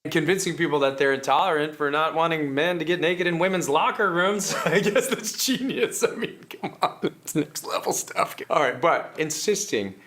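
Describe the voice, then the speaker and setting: A man's voice: fairly high pitch, fairly quick, hardly any pauses, fairly bright tone, close to an everyday voice. A man playing a sarcastic political strategist in a comedy sketch, who laughs at his own lines. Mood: smug. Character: scheming male political strategist coaching activists.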